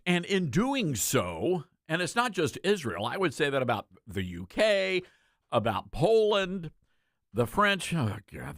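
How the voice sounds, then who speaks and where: A male host delivers an emphatic political commentary monologue in a conversational tone, leaning on repeated words for stress. His pitch moves freely and expressively. The sound is dry and close, with no room around it. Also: fairly bright tone, no room sound. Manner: conversational, addresses listeners directly. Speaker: talk show host.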